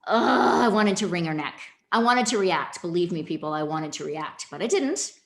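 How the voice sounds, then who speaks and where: A woman's voice: fairly low pitch, expressive, normal speed, vocal fry. A woman giving a keynote training presentation, speaking directly and animatedly to her audience. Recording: echoey room.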